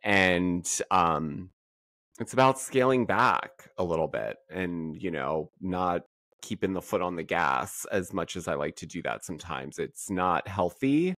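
A man's voice: low-pitched, lively intonation, unhurried, fairly bright tone, no echo. A man chatting as a podcast guest, sounding worn out and exhausted, talking in a gossipy, easygoing way. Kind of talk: casual chat.

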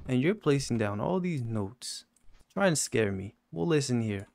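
A man hosting a gaming channel, giving casual commentary on a horror game and yelping high when he gets scared. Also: animated, measured pace, gravelly, a little mellow, dry recording. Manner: talks to game characters jokingly.

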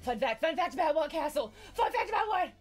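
A woman's voice: sits high, sing-song, quick pace, soft background music. A woman streamer, chatting casually and giggling as she greets viewers one by one. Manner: bubbly, giggly, greets viewers as baby and dude.

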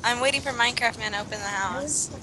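A woman playing Minecraft with friends on a livestream, relaxed and laughing, a little defensive when teased. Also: on the high side, fast talker, a little hiss or hum, poor audio. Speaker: player in a gaming livestream. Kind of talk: casual gaming chat.

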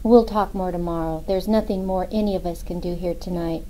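A woman reading the part of a stern, calm male FBI director in an audiobook. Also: lowish voice, fairly quick, lightly acted, rough recording.

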